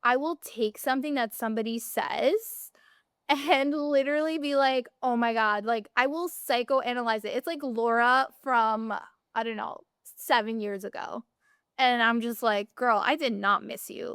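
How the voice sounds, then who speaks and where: The speaker is a young woman co-hosting a podcast, her talk loose and rambling with lots of fillers. She sounds slightly high and a touch bright, and the clean studio audio carries no room sound.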